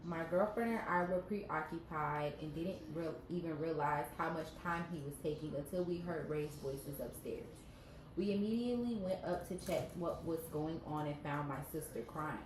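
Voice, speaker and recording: Woman w/ a stuffy nose reading a reddit-style story on a podcast, lowish voice, echoey noisy room. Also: normal speed. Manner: reads aloud, breaks off to joke and react. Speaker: podcast co-host reading stories. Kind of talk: casual story reading and chat. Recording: echoey room with background noise.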